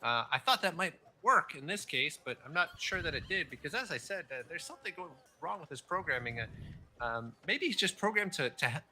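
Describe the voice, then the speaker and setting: Rambling, animated man at a game table. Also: a little high, brisk, a little hiss or hum. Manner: rambling, hesitant, full of ums and restarts. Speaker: player. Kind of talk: in-character tabletop role-play.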